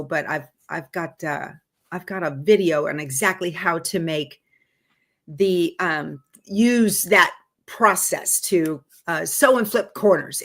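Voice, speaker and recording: A woman's voice: lowish voice, a bit bright. A woman hosting a live sewing stream, chatting casually and reading viewer comments aloud. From Texas. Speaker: host of a live sewing show.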